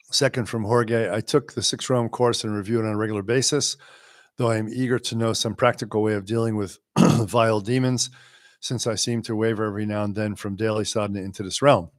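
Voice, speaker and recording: A man teaching a live question-and-answer class, talking in a relaxed, wry way and sometimes slowing to a quiet, measured voice. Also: on the low side, no room sound, clean studio sound. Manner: unhurried, wry, sometimes drops to a quiet slow voice.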